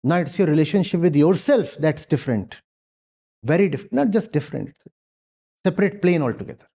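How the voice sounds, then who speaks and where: A man giving a spiritual lecture with an animated, lively pitch and a mellow, warm tone. He speaks emphatically, pressing his points with rhetorical questions and repeated phrases. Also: a little fast, gravelly, breathy edge. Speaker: spiritual teacher. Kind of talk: lecture with audience Q&A. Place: university lecture hall.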